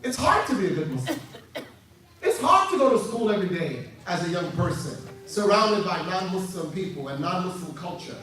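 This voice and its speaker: A man preaches to young people in an animated way, acting out dialogue and rising into shouts. His voice sits high and swings widely. He is heard from a distance in a very echoey hall. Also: normal speed. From United States. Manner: animated, acts out dialogue, builds to shouted emphasis. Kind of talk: youth lecture. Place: large hall with audience.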